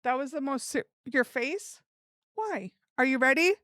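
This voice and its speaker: A woman's voice: sits high, expressive, a little slow, a bit bright, no room sound, studio quality. A young woman streaming live, chatting casually to her viewers and giggling as she works things out. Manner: giggly, chatty, talks to herself while working. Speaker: livestream streamer.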